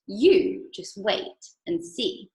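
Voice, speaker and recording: A woman doing a brisk, high Willy Wonka. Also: sing-song, echoey room. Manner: bright, bossy, impatient. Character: eccentric brisk male chocolate maker.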